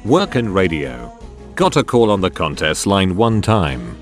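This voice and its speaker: A man narrating forum posts as a scripted reading, with lively ups and downs. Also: fairly low pitch, normal speed, faint music behind.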